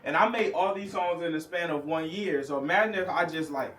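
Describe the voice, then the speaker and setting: Animated man in an echoey room. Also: on the high side, fairly quick, far from the mic, slight background noise. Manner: animated, laughing, slangy. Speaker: recording artist. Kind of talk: casual chat.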